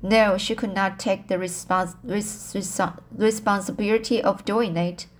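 A woman reading a novel aloud for an amateur audiobook. She reads slowly and haltingly, repeating and restarting words as she goes, in an unpolished narration. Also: medium pitch, fairly even intonation.

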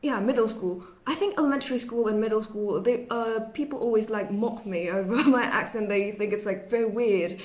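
A woman's voice: medium pitch, brisk, few pauses. A young woman, a university student guest, chatting casually on a podcast in a put-on British accent, laughing often and filling with "like". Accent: British English, put on for the show. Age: young adult. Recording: roomy echo.

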